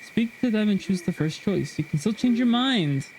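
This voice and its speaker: A man's voice: high-pitched, lively intonation, normal speed, darkish tone, slight background noise. A man streaming a game, chatting casually and reading a game guide aloud with frequent restarts. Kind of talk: casual gameplay stream chat.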